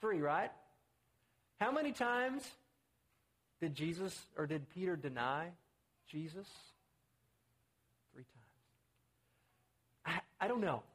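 Husky-voiced preacher man. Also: expressive, takes it slowly, long pauses, a bit bright. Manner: conversational, acts out quotes with rising pitch. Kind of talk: sermon.

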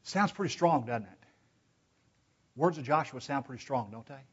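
A man preaches animatedly at a normal speed, his medium-pitched voice carrying a breathy edge. Addressing the brethren with rhetorical questions, he stays emphatic, alternating between loud urging and hushed pleas, captured in dull, lo-fi sound.

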